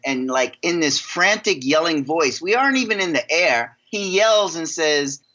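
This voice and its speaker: A man from New York, a guest coach on a podcast, telling an animated story and repeating words as he gets excited. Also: on the high side, highs cut off.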